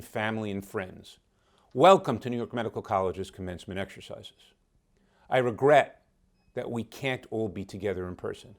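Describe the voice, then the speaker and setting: Low-voiced man giving a formal welcome. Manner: formal, ceremonial. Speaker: college president.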